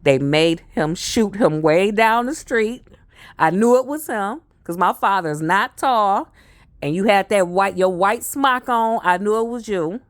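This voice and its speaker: A woman telling a personal story in a casual, animated way, often repeating phrases for effect. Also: medium pitch, unhurried, no room sound. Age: adult.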